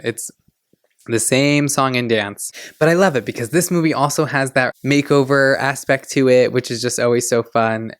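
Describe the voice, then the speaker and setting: A man in his twenties hosting a podcast, chatting in a gushing, excitable way. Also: medium pitch, clear, resonant tone, dry recording, clean studio sound. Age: 20s. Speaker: podcast host. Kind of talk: casual chat.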